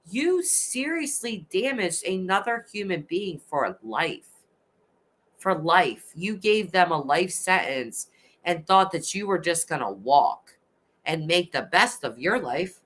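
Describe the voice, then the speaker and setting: A woman's voice: mid-range voice, big pitch swings, measured pace, a bit bright. A woman in her thirties hosting a casual livestream, reading chat aloud and ranting with passion, swearing now and then. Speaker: livestream host.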